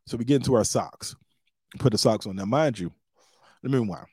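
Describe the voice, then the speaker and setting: A mid-pitched man tells a story on his podcast in a loose, animated way. He leaps up in pitch when he acts out what other people said. The sound is dry and close to the mic. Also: brisk, long pauses, husky, no room sound. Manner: animated, acts out quotes with big pitch jumps. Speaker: podcast host. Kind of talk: casual storytelling.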